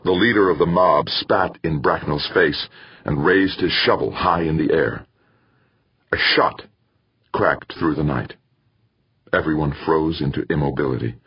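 A man narrating an audiobook in a steady, somber way. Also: a bass voice, unhurried, slightly rough, no room sound. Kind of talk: scripted narration. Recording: muffled dry recording.

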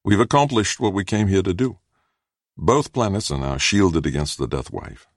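A man voicing a wry, calm doctor. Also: low voice, moderate pace, no echo, clean studio sound, pitched above the performer's own voice.

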